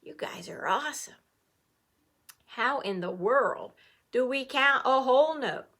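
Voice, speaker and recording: A middle-aged woman teaching an online music lesson to children, playful and animated, cheering the class on. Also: high-pitched, unhurried, vocal fry.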